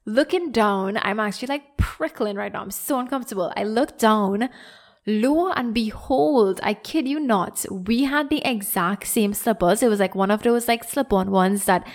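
A young woman with a mid-range voice hosts a podcast, telling a story at a moderate pace. Her retelling is rambling and casual, packed with fillers, animated, and broken up by frequent laughter.

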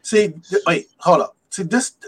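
A man co-hosting a casual podcast, complaining loudly in a rowdy, profane way. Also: high-pitched, expressive, unhurried, slightly rough. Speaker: podcast co-host.

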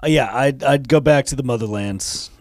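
A man's voice: medium pitch, moderate pace, a little mellow, dry recording. A man co-hosting a podcast, laid-back and wry, thanking listeners on a dry close mic. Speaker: podcast co-host. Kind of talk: casual banter.

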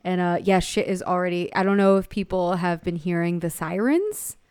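A woman co-hosts a casual podcast, making sardonic, deadpan quips. Her voice is smooth and clear. She records on a cardioid mic at home, and the sound is dry and close. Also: on the low side, moderate pace, no echo. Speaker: podcast co-host. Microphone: cardioid studio mic at home.

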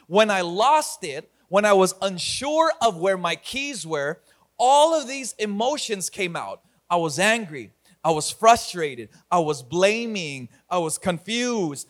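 Upbeat male pastor with a high voice, preaching to an online congregation with energy and humor. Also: a little slow. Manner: energetic, talks to online viewers, laughs at himself. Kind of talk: online church sermon.

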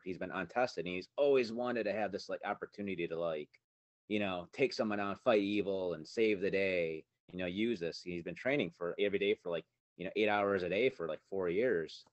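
A man co-hosting a podcast, telling stories in a relaxed way with many fillers. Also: deep voice, fairly quick, no echo, lo-fi sound. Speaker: podcast co-host. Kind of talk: casual spiritual chat.

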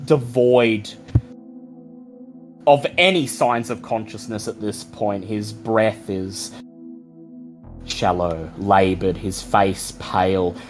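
A man narrating a tabletop vampire game as game master, measured and descriptive. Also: fairly low pitch, darkish tone.

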